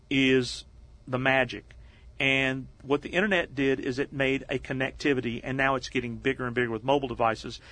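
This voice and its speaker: A middle-aged man as an interview guest, telling stories in a lively conversational way and acting out the voices of the people he quotes. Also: mid-range voice, no room sound. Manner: animated, acts out quoted voices. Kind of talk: conversational storytelling.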